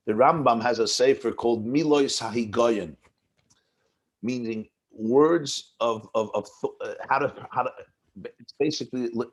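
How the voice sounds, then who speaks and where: A rabbi gives a class on a religious text, talking it through conversationally and doubling back on words as he works toward each point. His voice sits fairly low and has a husky edge. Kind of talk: text-based lecture on a Hasidic discourse.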